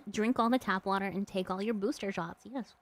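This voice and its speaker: A woman's voice: medium pitch, normal speed, slight background noise. A woman streamer chatting casually and rambling, laughing often and snacking as she talks. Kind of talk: casual live-stream chat.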